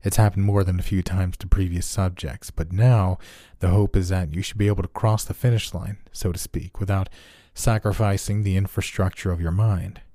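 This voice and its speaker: Man doing a clinical, manipulative doctor for a horror reading: very low, mellow, level-headed. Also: fairly even intonation, normal speed, no echo, clean studio sound, lightly acted. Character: cold, secretive male doctor running experiments.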